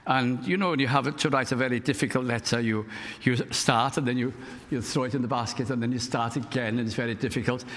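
A man's voice: mid-range voice, fairly even intonation, fast talker, a bit bright. An older man from Wales preaching a storytelling sermon, building to fervent emphasis. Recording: long hall reverb.

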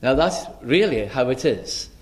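A man preaching an expository sermon in a measured, earnest way, often pausing with "uh" as he works through a passage. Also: medium pitch, animated, a little mellow.

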